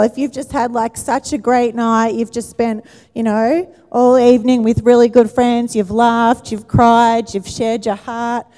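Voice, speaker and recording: A woman's voice: a little high, flat delivery, a little slow. Aussie lady pastor preaching, asks the crowd stuff, echoey church hall. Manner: warm conversational preaching with questions to the congregation. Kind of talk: sermon. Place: church auditorium. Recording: church hall with long reverb.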